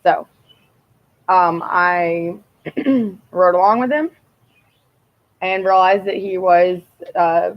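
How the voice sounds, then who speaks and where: Woman, low-pitched, blunt and profane, rambling chat, dull lo-fi sound. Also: takes it slowly, long pauses. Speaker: vlogger telling personal stories. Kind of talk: casual monologue.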